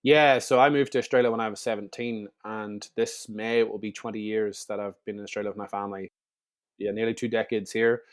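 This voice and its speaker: A man's voice: on the low side, steady tone, fairly quick, smooth. A man, telling stories as a guest in a casual interview, chatty and full of restarts. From Northern Ireland. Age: 30s.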